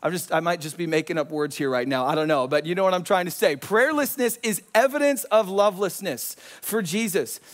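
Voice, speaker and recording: A young man preaching a sermon in a church, telling stories with lively acted-out quotes and casual asides. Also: high voice, brisk, few pauses. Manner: animated, storytelling with acted quotes, conversational asides. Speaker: pastor. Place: church sanctuary.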